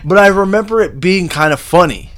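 A young man in casual chat with friends, recalling things haltingly. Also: sits high, a bit bright, slight background noise. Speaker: friend in conversation.

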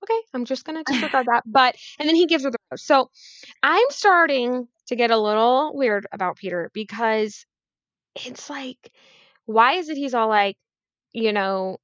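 A woman chatting casually with a co-host, quick with wry, skeptical asides. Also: a little high, fairly bright tone, no echo, muffled recording. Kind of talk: casual chat recapping a dating show.

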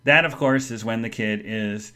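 A man hosting a live podcast, telling a story in an animated way, speaking straight to his listeners and answering chat comments. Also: on the low side, moderate pace, clean tone. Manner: animated, addresses the audience directly. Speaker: podcast host.

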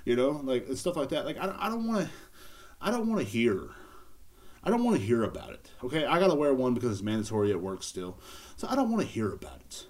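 A man's voice: medium pitch, very animated, fast. A man hosting a casual solo podcast, rambling and cracking crude jokes into a recorder. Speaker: podcast host. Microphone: handheld recorder.

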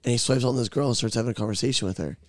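A man's voice: medium pitch, rapid-fire, no room sound, studio quality. A young man co-hosting a podcast, telling a rowdy, profane story in a casual chat. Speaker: podcast co-host.

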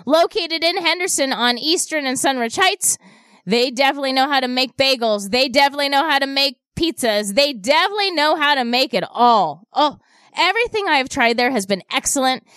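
A woman with a high, bright-sitting voice hosts a radio shopping show. She talks up local deals in a chatty, repeating patter. The studio sound is dry and close. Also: animated, brisk, no echo. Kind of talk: upbeat radio deal pitch. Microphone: studio microphone.

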